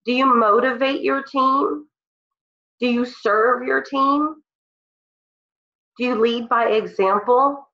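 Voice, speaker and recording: A woman's voice: a little high, steady tone, slow, long pauses, pushed and bright. A woman with a cold, leading her team on a call in an earnest, emotional, motivational way. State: congested from a cold. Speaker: team leader speaking on a call. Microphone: phone or computer on a call. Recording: roomy, dull lo-fi call audio.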